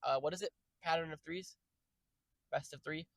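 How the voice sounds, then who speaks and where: A young man streaming, rambling through jokey, profane tangents with sudden loud outbursts. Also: fairly high pitch, steady tone, normal speed, dry recording, low-quality recording. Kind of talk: casual rambling stream chat.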